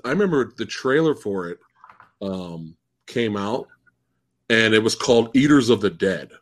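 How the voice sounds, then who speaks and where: A man guesting on a casual movie podcast, excitable and swearing casually as he gushes about films. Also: measured pace. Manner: excitable, swings pitch wildly, swears casually.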